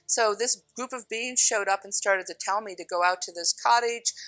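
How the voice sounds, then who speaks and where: Middle-aged woman, spiritual storyteller, lively and bright, dry recording with faint music under. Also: mid-range voice, moderate pace, dry recording, rough recording. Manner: animated, acts out voices in her story, laughs often. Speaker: spiritual speaker. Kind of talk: personal storytelling talk.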